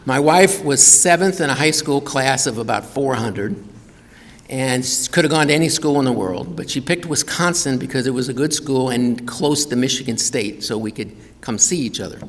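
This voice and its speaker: A man's voice: mid-range voice, normal speed. A man giving a humorous keynote talk, telling family stories and acting out relatives in quoted voices. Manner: animated, acts out family members in quoted voices. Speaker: keynote speaker. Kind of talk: humorous personal storytelling. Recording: reverberant hall.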